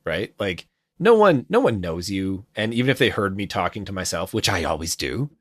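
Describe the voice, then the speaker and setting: A man, a voice actor, talking casually in an interview, chatty and self-deprecating, with quick asides. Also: deep voice, expressive, dry recording. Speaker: voice actor guest. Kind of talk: casual chat.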